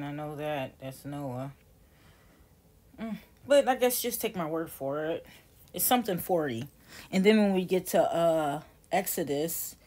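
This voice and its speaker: A woman in her forties with a slightly low voice, teaching in a loose, chatty way. She rambles, doubles back and corrects herself mid-thought. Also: a little mellow. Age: 40s. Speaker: tarot teacher. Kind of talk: casual teaching.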